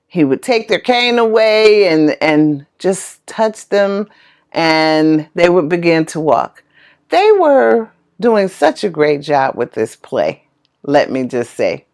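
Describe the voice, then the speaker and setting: A middle-aged woman casually retelling a story in an animated way, exclaiming often. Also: lowish voice, slow. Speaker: vlogger.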